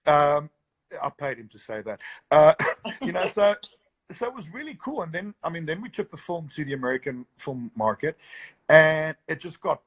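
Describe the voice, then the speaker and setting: A man's voice: on the high side, sing-song, normal speed, husky, lo-fi sound. A man, a filmmaker guest, chatting enthusiastically on a live stream, joking and restarting his sentences often. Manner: enthusiastic, rambling, jokey with many restarts. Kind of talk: casual live-stream chat.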